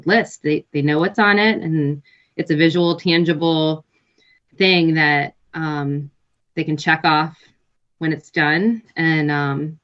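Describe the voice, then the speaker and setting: Low-voiced woman on dull remote audio. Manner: relaxed, laughs often, thoughtful with pauses. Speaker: guest, nurse and health coach. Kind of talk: casual interview chat.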